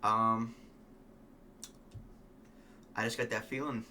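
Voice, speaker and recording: Male vlogger, casual fight talk, opinionated and profane, tense bright tone. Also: fairly low pitch, level tone, slow, a little hiss or hum. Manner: rambling, opinionated, swears, frequent ums. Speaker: MMA fan vlogger.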